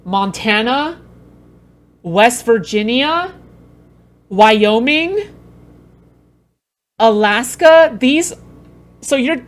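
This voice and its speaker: Profane, exasperated woman streamer. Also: a little high. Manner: rambling with many fillers. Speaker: streamer reacting to clips. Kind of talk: casual reaction commentary.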